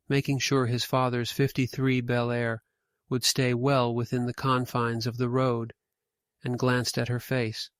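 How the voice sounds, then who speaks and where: A man reading a scripted ghost story in a measured, steady way. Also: mid-range voice, no room sound, clean studio sound. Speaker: narrator.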